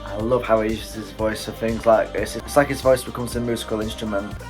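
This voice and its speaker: A man with a British accent hosting a casual music reaction and exclaiming often as he listens. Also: lowish voice. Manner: excitable, quick exclamations and chuckles. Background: faint music playing.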